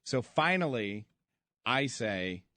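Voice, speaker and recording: A man's voice: mid-range voice, big pitch swings, slow, pushed and bright, no echo. A man co-hosting a radio show, telling a story in a casual, rambling way with lots of fillers.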